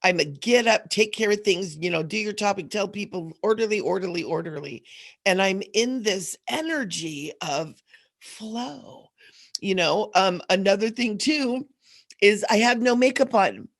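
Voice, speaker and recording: A woman's voice: mid-range voice, expressive, unhurried. A middle-aged woman hosting a casual spiritual livestream talk, rambling and laughing as she goes, a little sleepy and groggy. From Southern California. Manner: rambling, laughs often, frequent fillers. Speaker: host.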